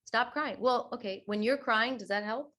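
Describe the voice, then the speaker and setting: A woman yoga teacher talking in a podcast interview, chatty and expressive, acting out quoted voices with big swings. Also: on the high side, moderate pace. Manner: chatty, many fillers like "you know" and "right". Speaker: guest yoga teacher and teacher trainer.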